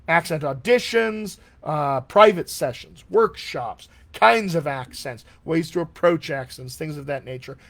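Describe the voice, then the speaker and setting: A man coaching accents in a live-streamed Q&A, chatty and enthusiastic, often clearing his throat from allergies. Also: a little high, a bit bright. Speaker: dialect coach.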